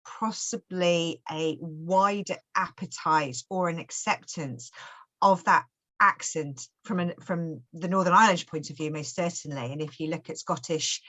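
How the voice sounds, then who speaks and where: A woman's voice: lowish voice, a little slow, fairly bright tone. A woman, a writer talking casually on a panel, thoughtful and full of restarts and fillers. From Stoke-on-Trent, England.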